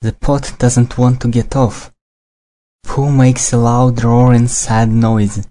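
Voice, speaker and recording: Mellow-voiced man reading a storybook. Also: mid-range voice, takes it slowly. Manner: steady, simple read-aloud delivery.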